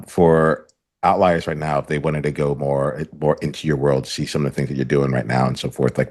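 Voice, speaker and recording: Very deep husky male podcast host. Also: a little mellow. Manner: rambling, many fillers and restarts. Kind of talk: conversational coaching session.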